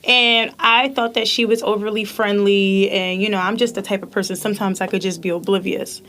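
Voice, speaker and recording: A woman in her thirties co-hosting a podcast, telling stories in animated, profane casual chat and laughing often. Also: mid-range voice, brisk. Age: 30s. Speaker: podcast co-host.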